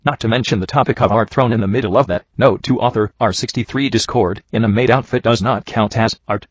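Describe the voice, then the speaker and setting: A man reading a badly written story aloud in a dry, sarcastic, deadpan way, mocking it as he goes. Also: on the low side, quick pace, hardly any pauses, husky, dry recording. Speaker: reviewer reading bad fanfiction. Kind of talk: dry comedic reading and commentary. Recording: dull lo-fi home recording.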